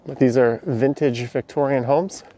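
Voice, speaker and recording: A man talks casually while he walks a city at night, reading chat questions aloud and answering them. His voice sits at a middling pitch, picked up outdoors by a camera mic with faint street noise and passing cars behind him. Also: steady tone, moderate pace, dark tone. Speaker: live-stream walking vlogger. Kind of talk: casual live-stream narration reading chat.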